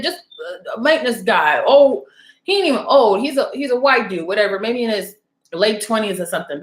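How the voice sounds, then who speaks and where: A woman's voice: a little high, a bit bright, reverberant. A young adult woman telling a story and giving blunt advice in a casual vlog, swearing freely and often asking "okay?". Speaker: oracle card reader and channel host.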